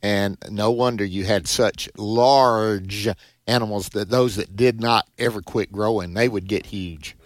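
Male call-in radio host, lower voice, emphatic and preacherly, dry. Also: fairly even intonation, a little slow, no echo. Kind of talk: Christian call-in radio talk.

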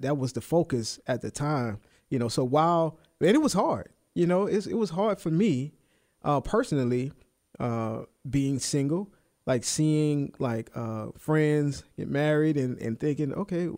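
A man in his thirties co-hosting a faith podcast, talking in a halting way with many fillers and restarts. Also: mid-range voice, dark tone, no echo, clean studio sound. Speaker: co-host. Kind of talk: casual faith podcast conversation.

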